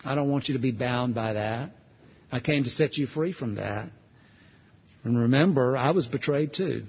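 A man preaching who voices the Lord speaking gently and patiently to a believer, in a calm, reassuring tone, softer and lower than his plain preaching. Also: normal speed, breathy edge, big-room sound, lo-fi sound. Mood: gentle, reassuring.

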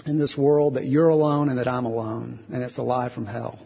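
Husky male preacher in reverberant hall. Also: medium pitch, fairly even intonation, fairly quick. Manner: earnest, repetitive preaching cadence with acted prayers. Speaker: pastor. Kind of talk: sermon. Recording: husky voice, long hall reverb, dull lo-fi sound.

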